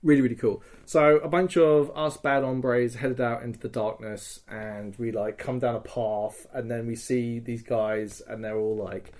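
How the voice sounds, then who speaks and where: A man's voice: medium pitch, unhurried, few pauses. A man hosting a podcast, casually recounting a live-action game weekend, laughing and swearing as he acts out quotes. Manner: lively storyteller, laughing, swearing, acting out quotes. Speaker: podcast host.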